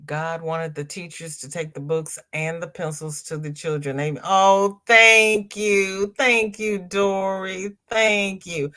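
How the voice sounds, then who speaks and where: A middle-aged woman hosting a casual crochet livestream, reading viewer comments aloud and chatting warmly with her audience, calling them "girl" and "honey" amid frequent ums and restarts. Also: mid-range voice.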